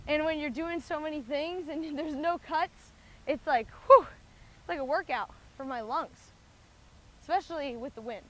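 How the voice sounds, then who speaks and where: A woman's voice: sits high, moderate pace. Chatty woman vlogging on a golf course. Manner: chatty, thinks aloud with many likes and restarts. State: out of breath. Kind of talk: casual talk-through while playing golf. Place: outdoors on a windy golf course.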